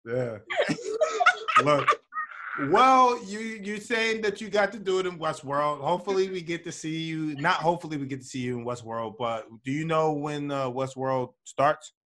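A man's voice: a little high, moderate pace, pushed and bright, a little hiss or hum. A young man hosting a podcast, teasing and joking with his guest in a loose, profane way. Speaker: podcast host. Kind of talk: casual chat.

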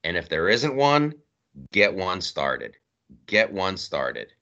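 Animated, emphatic man on a podcast. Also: low-pitched, slow pace, vocal fry, muffled recording. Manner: animated, emphatic, repeats himself. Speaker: podcast co-host. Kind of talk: casual political chat.

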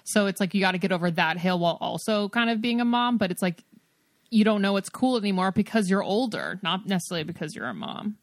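A woman co-hosting a podcast, chatting in a quick, upbeat way. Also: mid-range voice, expressive, dry recording, clean studio sound. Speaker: podcast co-host. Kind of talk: casual chat.

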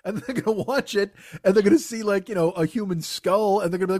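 High-voiced man on a profane comic rant. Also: sing-song, fast talker, few pauses, a little mellow, no echo, clean studio sound. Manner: profane, exasperated storytelling. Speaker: podcast host. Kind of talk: casual comedic rant.

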